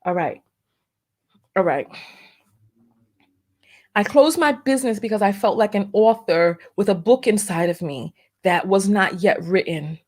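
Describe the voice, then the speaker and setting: A woman's voice: mid-range voice, a little slow, long pauses. Emotional woman holding back tears. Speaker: vlogger and entrepreneur. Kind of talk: emotional personal vlog.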